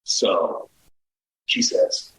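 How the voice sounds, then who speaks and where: A middle-aged man telling a dating story as a podcast guest, animated, swearing and acting out the quoted lines. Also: very slow, roomy sound, low-quality recording. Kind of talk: casual storytelling.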